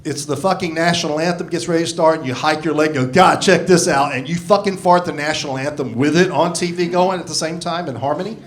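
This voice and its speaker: A man's voice: on the high side, quick pace, few pauses. A man in his sixties doing a profane, self-deprecating stand-up set into a handheld microphone on a comedy club stage. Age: 60s. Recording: live comedy club with audience laughter.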